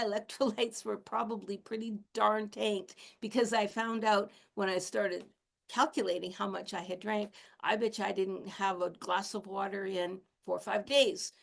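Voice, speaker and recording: A woman healer and teacher giving a casual spiritual talk, speaking candidly about her own experience and laughing softly now and then. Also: medium pitch, creaky. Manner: candid, self-disclosing, chatty with soft laughs.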